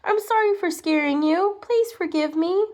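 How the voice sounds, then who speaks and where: A woman voicing a shy, timid little man with a squeaky, stammering voice in a storybook reading. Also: moderate pace, darkish tone. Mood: shy apologetic. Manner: stammering, pleading.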